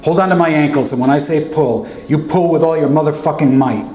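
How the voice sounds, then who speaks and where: A man reading aloud, voicing a desperate adult uncle who shouts orders and curses during a flood. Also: a little high, a little fast, voice pushed up, natural voice. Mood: urgent. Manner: shouting, cursing, urgent. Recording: echoey room with faint hum.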